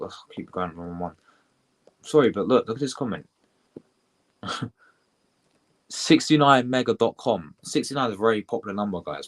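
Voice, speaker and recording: Excitable British man streaming football reactions. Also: on the low side. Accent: British English. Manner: excitable, chatty, swears, shouts out viewers. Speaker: football livestream host. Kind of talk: live match reaction stream.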